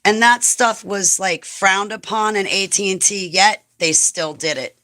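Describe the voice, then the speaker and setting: A woman's voice: lowish voice, fairly even intonation, a little slow, hardly any pauses, a bit bright. A woman hosting a livestream, talking casually and bluntly to her viewers, rambling from topic to topic and chuckling often. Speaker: livestream host.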